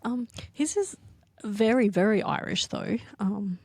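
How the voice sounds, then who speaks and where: A woman co-hosts a relaxed podcast chat, giggling and hesitating over her words. Her voice is a little husky and moves through a lively range. The sound is dry and close. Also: medium pitch, measured pace, no room sound. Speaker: podcast co-host.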